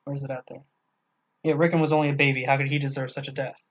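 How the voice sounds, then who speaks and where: A man's voice: mid-range voice, little pitch movement, very fast, dull audio. Casual man co-hosting a book podcast. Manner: casual, profane, reads quoted passages aloud. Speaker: podcast co-host.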